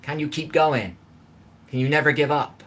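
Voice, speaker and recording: A man's voice: on the high side, normal speed, fairly bright tone. A man hosting a casual live cooking stream from his home kitchen, sitting on a chair. He rambles, greets viewers by name and swears freely. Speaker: livestream cooking host.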